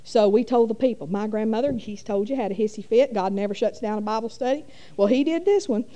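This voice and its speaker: Middle-aged woman, warm mellow tone, folksy rambling church testimony. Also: a little high, fast talker, dull audio. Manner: folksy rambling with many fillers. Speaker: church speaker. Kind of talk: testimony storytelling.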